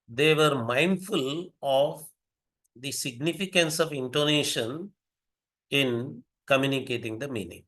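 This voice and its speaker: A man giving an academic lecture, deliberate and repeating key phrases for emphasis. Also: on the high side, fairly bright tone.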